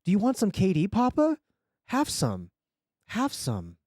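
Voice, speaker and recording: A man's voice: high-pitched, wildly swooping pitch, a little slow, darkish tone, dry recording, clean studio sound, pitched above the performer's own voice, exaggerated voice. A man voicing a frightened nine-year-old boy who speaks with a Russian accent and pleads plaintively. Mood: pleading.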